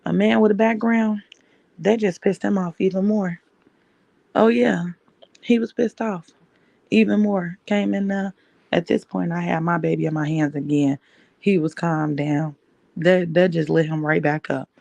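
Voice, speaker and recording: A woman's voice: on the low side, steady tone, a little slow, creaky, darkish tone, dry recording. A woman podcast host telling a personal story in an emphatic way, repeating key phrases.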